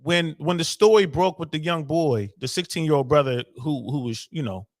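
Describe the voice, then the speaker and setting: Higher-voiced man telling a story, dry sound. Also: moderate pace, no echo. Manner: storytelling, cautious with words. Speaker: guest. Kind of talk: casual conversation.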